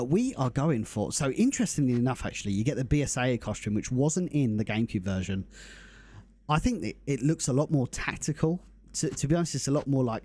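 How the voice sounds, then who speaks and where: Young man, live-stream host, mellow voice, upbeat, casual chat with viewers. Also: mid-range voice. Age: young adult. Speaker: livestream host.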